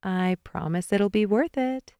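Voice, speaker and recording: A woman voicing a bubbly, apologetic young woman in an audiobook, reading her lines higher and livelier. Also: unhurried, mellow, smooth, no room sound, lightly acted. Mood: playful.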